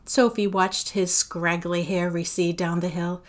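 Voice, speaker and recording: Slow, measured woman reading a novel. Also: fairly low pitch. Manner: measured, expressive storytelling. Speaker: teacher.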